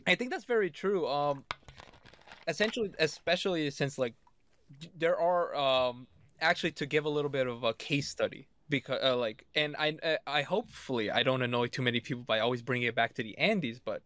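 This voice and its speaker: A man's voice: medium pitch, brisk, a bit bright, no echo. A man speaking as a podcast guest, hesitant and often restarting his sentences. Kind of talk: conversational discussion.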